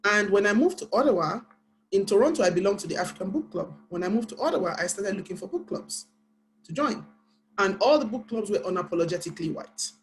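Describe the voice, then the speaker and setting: A woman's voice: mid-range voice, lively intonation, rough recording. A woman from Nigeria with a Nigerian English accent, a panel guest and author telling her story earnestly and pacing her words with care. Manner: earnest, deliberately paced speech.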